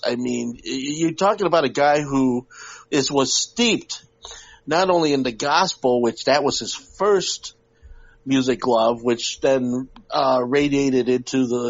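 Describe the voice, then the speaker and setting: A man co-hosting a podcast in casual chat, rambling with many restarts and fillers. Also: mid-range voice. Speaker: podcast co-host. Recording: lo-fi live audio-app stream.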